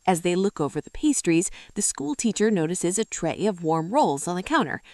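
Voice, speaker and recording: A woman reading jokes aloud in a brisk, scripted storytelling style. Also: lowish voice, big pitch swings, dark tone, no echo. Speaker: joke teller. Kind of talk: scripted joke narration.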